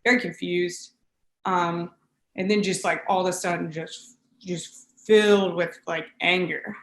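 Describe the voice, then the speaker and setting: A woman around thirty recounting a painful family memory, halting with many pauses and fillers. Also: lowish voice, steady tone, reverberant. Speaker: interviewee. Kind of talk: emotional personal recollection.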